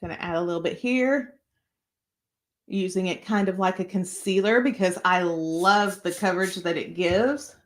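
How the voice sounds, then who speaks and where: A woman's voice: on the low side, normal speed. A woman hosting a live makeup tutorial, chatty and encouraging as she talks straight to her viewers.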